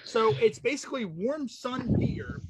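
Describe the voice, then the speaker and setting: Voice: medium pitch, expressive, unhurried, noisy background. A podcast host chatting casually, laughing often and stumbling over restarts.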